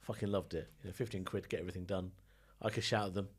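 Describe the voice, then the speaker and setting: A man's voice: low voice, little pitch movement, fast talker, breathy edge. A male comedian guest telling funny anecdotes in a casual podcast chat, with the odd swear word.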